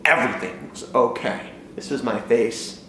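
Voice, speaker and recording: A young man vlogger telling a comic personal story in an animated, self-mocking way, acting out scenes, recorded in a very echoey room. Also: medium pitch, normal speed. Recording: very echoey room, faint noise.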